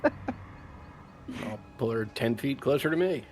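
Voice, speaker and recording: A man playing a tabletop game, calmly describing his moves. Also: mid-range voice, slow, slight background noise. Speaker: player. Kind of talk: casual tabletop game chat.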